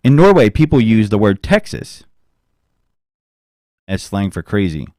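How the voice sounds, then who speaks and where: A man's voice: fairly low pitch, big pitch swings, measured pace, mellow, no room sound, clean studio sound. A man hosting a casual podcast, rambling and cursing freely as he tells stories. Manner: rambling, swears freely, does mocking voices. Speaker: podcast host.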